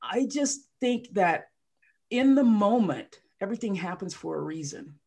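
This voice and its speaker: Guest voice: a woman coach, expressive and emotional, plays out the quotes in her story, mid pitch. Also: normal speed, vocal fry, breathy edge. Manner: emotional, animated storyteller who acts out quotes. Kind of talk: casual podcast interview.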